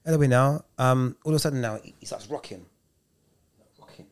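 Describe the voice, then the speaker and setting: A man co-hosting a podcast, telling stories in a lively, slangy, casual way. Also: mid-range voice, a little fast, clear, resonant tone. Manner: animated storyteller with street slang. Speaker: podcast co-host, youth worker.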